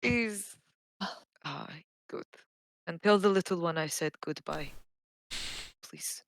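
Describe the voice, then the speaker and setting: A woman playing in a tabletop role-playing game, describing what her character does and speaking her lines in a quiet, solemn tone. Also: on the low side, animated, slow pace, creaky, dry recording. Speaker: player.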